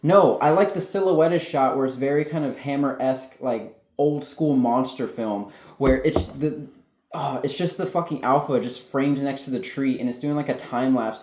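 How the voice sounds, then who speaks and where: A man casually reviewing a film with a co-host, excitable and swearing a lot as he talks. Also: mid-range voice, moderate pace. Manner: excitable, heavy swearing, animated. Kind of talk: casual spoiler review chat. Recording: roomy echo.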